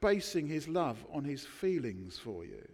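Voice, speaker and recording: A man preaching a sermon, emphatic, with dramatic pauses between words. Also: a little high, very animated, breathy edge, long reverb tail. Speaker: pastor. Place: church.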